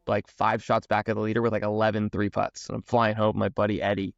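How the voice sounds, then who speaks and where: Hyped golf podcast host dude, repeats himself a lot, kinda muffled. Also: male voice, lowish voice, little pitch movement, fast, vocal fry, no room sound. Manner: enthusiastic, storytelling, repeats words. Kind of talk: casual podcast conversation.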